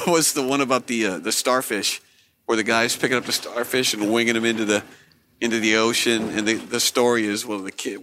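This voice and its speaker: A man's voice: mid-range voice, fairly even intonation, a little fast, bright, forceful tone, a little hiss or hum. A man co-hosting a casual comedic chat, rambling through jokes and acting out little bits. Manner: rambling joke-teller, acts out bits. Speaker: podcast co-host.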